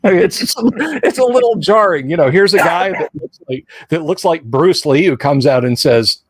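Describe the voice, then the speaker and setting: A middle-aged American host chatting on a live stream, wandering through his stories with asides and repeated false starts. His voice sits a little high for a man. The sound is dry and close, with no room echo. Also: expressive, moderate pace, slightly rough. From United States. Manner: rambling storyteller, frequent restarts and asides. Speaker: podcast host. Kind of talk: casual live-stream chat.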